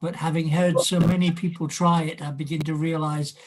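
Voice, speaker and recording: A man's voice: on the high side, level tone, slight background noise. A man from Scotland who talks with a polished RP English accent, chatting casually and telling anecdotes. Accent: RP English with Scottish roots. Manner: chatty, anecdotal, slows for quoted lines. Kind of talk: casual chat on a video call.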